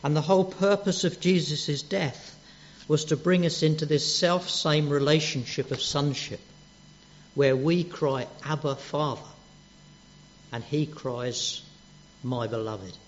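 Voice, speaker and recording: A man preaching a sermon, gentle and earnest, dropping soft on quoted words. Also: fairly high pitch, unhurried, slight background noise. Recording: dull lo-fi church recording.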